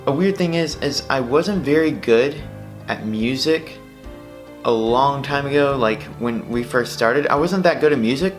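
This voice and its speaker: A man's voice: mid-range voice, animated, measured pace. A man who composed the music talks modestly and casually in a behind-the-scenes interview, dropping in "like" often. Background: faint music.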